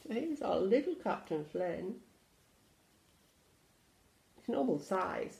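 A woman teacher reading a picture book aloud to young children, with slow hushed asides about the pictures. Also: medium pitch, sing-song, vocal fry, a little hiss or hum. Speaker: infant school teacher.

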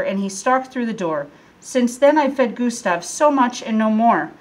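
A teacher reading a rhyming storybook to children, with an expressive, lilting delivery. Her voice sits a little on the high side for a woman. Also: unhurried, rough recording. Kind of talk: storybook read-aloud.

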